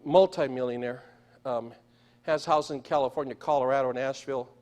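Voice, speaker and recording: A man's voice: mid-range voice, steady tone, a little fast, darkish tone. A man preaching a sermon in a church, telling stories and asking the congregation questions. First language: Spanish. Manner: storytelling, asks the congregation questions. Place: church sanctuary.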